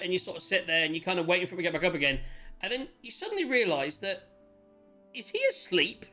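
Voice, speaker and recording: A man's voice: high voice, sing-song, fast, pushed and bright, soft background music. A man narrating a tabletop game as game master, chatty and laughing as he describes the scene.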